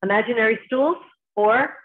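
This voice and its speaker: The voice belongs to a qigong teacher, a woman with a New Jersey accent, calling out short instructions in step with each movement of the class. She pitches a little high and keeps a moderate pace. Everything comes through tinny, as if over a phone.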